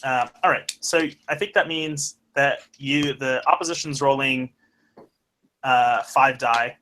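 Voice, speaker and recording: A young man running a tabletop game, talking casually and pausing often with fillers and restarts. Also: mid-range voice, fairly even intonation, sharp tone, slight background noise. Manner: halting, many fillers and restarts. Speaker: game master.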